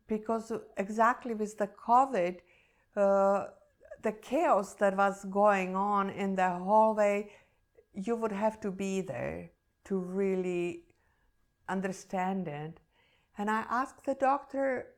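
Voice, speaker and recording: Woman, meditation teacher, personal story, earnest, emotional, reflective, slow-paced. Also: medium pitch.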